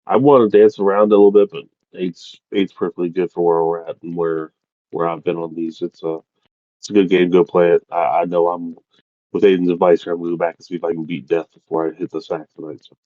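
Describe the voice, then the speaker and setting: A man's voice: low voice, flat delivery, no room sound, muffled recording. A man co-hosting a video game podcast, talking casually with many restarts and fillers. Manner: rambling, halting restarts. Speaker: podcast co-host. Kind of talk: casual chat.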